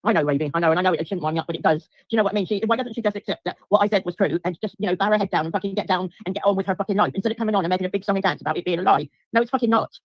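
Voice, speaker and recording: A woman's voice: mid-range voice, very fast, hardly any pauses, no echo. Middle-aged woman, livestream ranter, foul-mouthed and repetitive, dry close sound. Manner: swears heavily, repeats herself, addresses chat viewers. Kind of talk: angry livestream rant to viewers.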